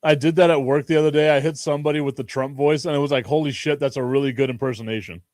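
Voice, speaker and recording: A man hosts a casual sports talk stream, joking and rambling with lots of laughter. His voice sits a bit high for a man. The sound is dry and close, with no room echo. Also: fairly even intonation, fast, a little mellow. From Chicago. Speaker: sports talk show host.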